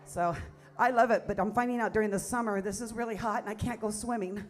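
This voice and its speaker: A woman's voice: mid-range voice, fairly even intonation, fast talker, faint music behind. A woman in her fifties, a singer hosting her own show, chatting on stage in a coffee shop in a self-mocking, nervous way. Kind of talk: casual stage banter.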